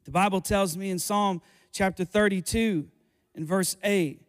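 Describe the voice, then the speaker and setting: Pastor guy preaching, kinda high voice, stumbles and repeats himself, big echoey church hall. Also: fairly even intonation, measured pace. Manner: repetitive, stammering restarts, builds to fervent preaching. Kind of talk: sermon. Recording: long hall reverb.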